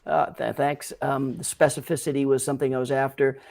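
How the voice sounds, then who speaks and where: An older man, a sound designer guest, explaining his work in a measured, thoughtful way in a casual interview. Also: mid-range voice, flat delivery, vocal fry, a little mellow.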